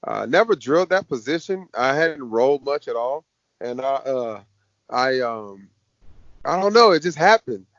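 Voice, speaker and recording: A man, a fighter being interviewed, telling stories in a casual, lively way. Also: medium pitch, normal speed, no echo. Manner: lively storyteller, acts out quoted voices. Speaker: MMA fighter guest. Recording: dull dry podcast audio.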